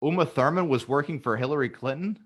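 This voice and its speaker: A man's voice: mid-range voice, quick pace. A man hosting a podcast, joking crudely in casual chat. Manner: crude, animated joking with frequent laughter. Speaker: podcast host.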